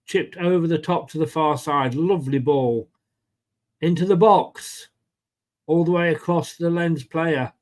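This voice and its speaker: A fairly high-voiced English man hosts a live football watchalong for fans. He calls the play-by-play in a casual, chatty way and breaks off to greet viewers by name. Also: measured pace. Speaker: fan channel host.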